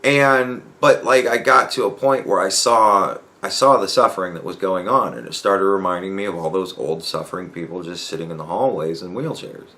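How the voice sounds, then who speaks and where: A man's voice: low-pitched, moderate pace, hardly any pauses, sharp tone. A young man hosting a podcast, talking in a rambling, profane, casual monologue and laughing as he tells stories. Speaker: podcast host.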